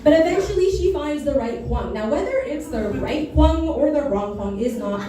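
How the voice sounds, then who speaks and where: A woman's voice: high voice, lively intonation, moderate pace, far from the mic, a crowd in the background. A young woman from Nicaragua doing a stand-up set, chatty, losing her place and laughing at her own jokes. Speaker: stand-up comedian. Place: comedy club stage. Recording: echoey club recorded from afar.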